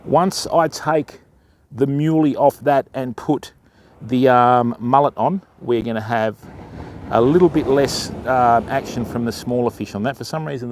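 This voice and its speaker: A man's voice: mid-range voice, a little mellow, slight background noise. An Australian man hosting a live fishing stream outdoors, chatting as he rigs his line and greets viewers in chat by name. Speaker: fishing livestream host. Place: outdoors on a beach.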